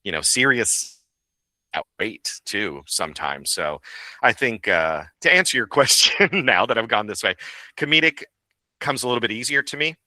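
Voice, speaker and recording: A man in his role as voice actor and director talks through his craft in a casual interview. His voice sits very low yet comes across bright and forceful. He is animated and laughs easily, and the close mic keeps the sound dry. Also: moderate pace, no room sound.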